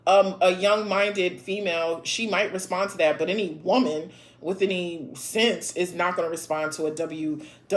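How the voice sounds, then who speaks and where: A woman's voice: on the low side, steady tone, moderate pace, few pauses. A woman in her thirties hosting a casual live chat, reading viewer comments aloud and answering in a blunt, sassy way, with frequent laughs and swearing.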